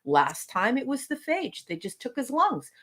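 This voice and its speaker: A woman's voice: high-pitched, big pitch swings, moderate pace, fairly bright tone. A woman on a casual podcast, reviewing episodes in an exasperated, sarcastic rant.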